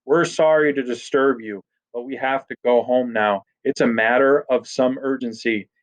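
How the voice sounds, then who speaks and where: A man's voice: medium pitch, fairly even intonation, normal speed, lightly acted. A man voicing a small, clever, frightened boy who speaks in an overly formal way. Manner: formal, nervous. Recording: dull lo-fi recording.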